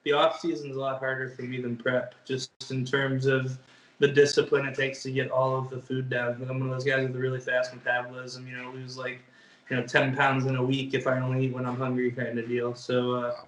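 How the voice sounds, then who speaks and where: A man's voice: mid-range voice, monotone, brisk, fairly bright tone, recorded from a distance, slight background noise. Easygoing young man in an echoey room. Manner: easygoing, hesitant with fillers. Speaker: bodybuilder guest. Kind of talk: casual interview chat.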